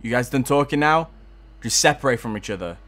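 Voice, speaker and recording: A man's voice: medium pitch, lively intonation, fairly quick, a bit bright. A young man giving casual gameplay commentary, frustrated, swearing a lot and laughing at himself.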